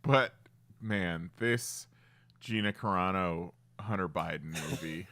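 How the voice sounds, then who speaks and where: A man's voice: low voice, slow, sharp tone, no echo. A man co-hosting a podcast, chatting casually and searching for words as he talks. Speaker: podcast co-host.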